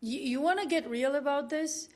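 A woman from Georgia telling stories in a lively, fast, heated casual conversation, laughing now and then. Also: high-pitched. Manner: animated, quick storytelling with laughs.

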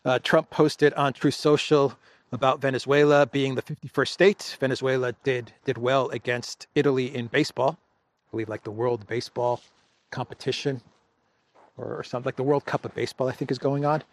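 A man's voice: medium pitch, fairly even intonation, a little fast, no room sound. A man hosting a political commentary show, talking casually and wryly, chuckling, with loose restarts.

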